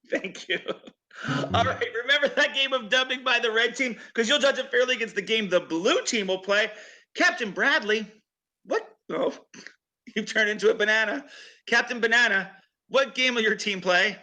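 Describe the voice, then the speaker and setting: Upbeat male improv referee, crisp bright tone, higher register. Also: moderate pace. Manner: upbeat, chatty, laughs often. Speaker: referee and host of an improv match. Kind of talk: game announcing. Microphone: video call.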